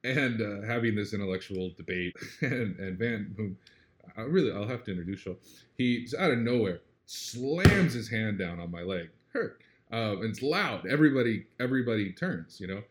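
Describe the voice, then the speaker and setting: A man with a low voice talks casually as an interview guest. He is earnest and reflective, tosses in "right?" often, and brightens up when telling a story. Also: normal speed. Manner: animated when retelling a story.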